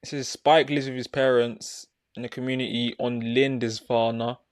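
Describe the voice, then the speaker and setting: A man's voice: medium pitch, normal speed. A man co-hosting a film podcast, arguing insistently and laughing, with a British accent. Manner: insistent, laughing, animated in argument. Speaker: podcast co-host. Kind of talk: casual chat.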